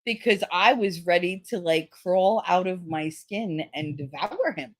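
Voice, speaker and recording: This livestream host, a middle-aged woman, talks a little slowly in a fairly low, expressive voice. She chats casually and bluntly with viewers in the live chat, swearing freely and laughing a lot.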